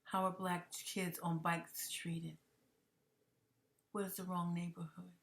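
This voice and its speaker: Woman, lowish voice, emotional vlog commentary, half-whispered, repeats herself. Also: flat delivery, slow, gravelly, fairly bright tone. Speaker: commentary vlogger.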